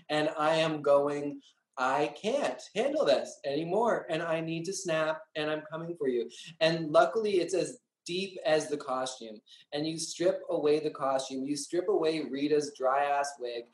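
A man, a drag queen guest, talking candidly and dramatically in an interview, full of swearing and acted-out quotes. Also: a little high. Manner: profane, dramatic, acts out his own lines. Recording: roomy echo.

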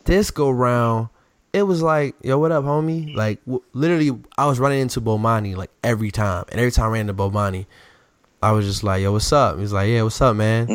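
A man's voice: fairly low pitch, steady tone, fast, no echo. A young man from the DMV area co-hosting a casual chat, telling stories and acting out quotes in raised voices. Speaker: podcast co-host.

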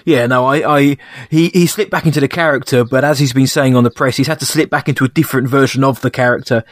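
A man's voice: mid-range voice, fairly even intonation, fast talker, dry recording, clean studio sound. Thoughtful man reviewing an episode. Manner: thoughtful, hesitant, many restarts. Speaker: podcast co-host. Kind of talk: casual chat reviewing a TV episode.

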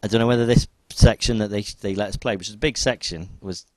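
A man's voice: on the low side, fast, no room sound. A man chatting casually about video games as a co-host, rambling with restarts. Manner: rambling, excitable, many restarts. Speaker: podcast co-host. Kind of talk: casual chat.

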